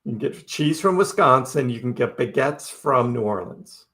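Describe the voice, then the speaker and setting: A middle-aged man hosts a crypto livestream, casually answering viewer chat with wry jokes and frequent laughter. His medium-pitched voice is bright and forceful, with lively intonation and a moderate pace.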